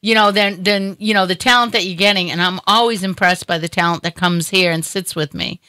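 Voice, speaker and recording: A woman's voice: medium pitch, fairly even intonation, a little fast, pushed and bright, no echo. A woman hosting a talk show, chatting casually with a guest in a rambling way with many fillers. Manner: chatty, rambling, lots of "you know". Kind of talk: casual interview chat.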